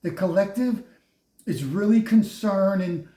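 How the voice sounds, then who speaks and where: A man's voice: high-pitched, lively intonation, measured pace, dark tone. A man giving a casual spiritual tarot reading, preachy and mocking, often laughing at those he speaks of. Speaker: tarot reader. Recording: roomy echo.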